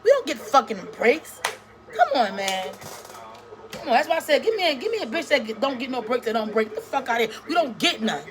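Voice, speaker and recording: She has a high voice and talks bluntly, swearing often and restarting sentences as she goes. She is a woman in her thirties, a small-time YouTuber speaking straight to her viewers. The talk is a casual vlog rant. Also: very animated, fast, noisy background. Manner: fired up, blunt and profane, with lots of restarts.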